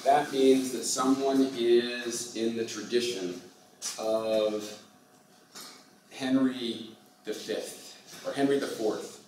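A man giving a university lecture, speaking slowly and often mixing in halting Russian with many fillers. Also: medium pitch, fairly even intonation, a little mellow, a little hiss or hum. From United States. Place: lecture hall. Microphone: far from the mic. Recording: distant echoey lecture hall.

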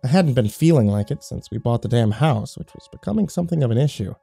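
A man's voice: medium pitch, expressive, fast talker, vocal fry, mellow, husky, dry recording, soft background music. A man giving scripted horror story narration in a wry, sarcastic first-person tone.

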